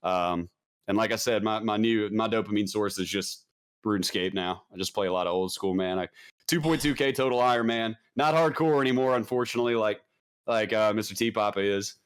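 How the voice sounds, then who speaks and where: A man's voice: fairly low pitch, fairly quick, clean tone. A man speaking as a podcast guest, telling his story in a candid, blunt, casual way and often tossing in "man". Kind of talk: casual conversation.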